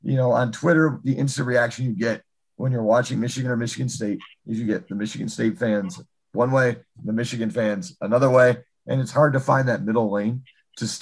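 A man's voice: mid-range voice, husky, low-quality recording. A man hosting a sports talk show, speaking casually with lots of hesitation and fillers. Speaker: sports podcast host.

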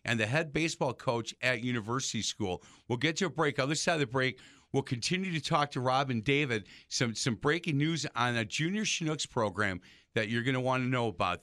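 A man's voice: mid-range voice, fairly quick, pushed and bright, no echo, clean studio sound. A man hosting a sports radio talk show, chatty and self-deprecating as he tells stories. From Milwaukee area.

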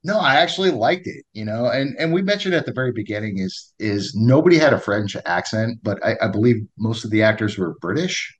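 A man's voice: lowish voice, expressive, fairly quick, hardly any pauses. Jokey guy on a horror movie podcast, trips over his words. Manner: joking, stumbling restarts. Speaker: podcast co-host. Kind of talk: casual film discussion.

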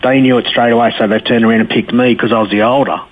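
A man's voice: mid-range voice, fairly even intonation, quick pace. A man giving a candid personal testimony as an interview guest, telling his story in a blokey way with frequent restarts. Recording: tinny phone-like line with faint hiss.

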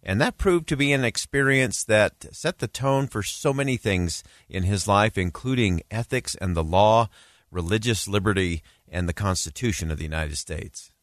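A man hosting a show, introducing clips in a relaxed manner with frequent fillers. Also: fairly low pitch, normal speed, dry recording, studio quality. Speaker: host. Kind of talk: casual commentary.

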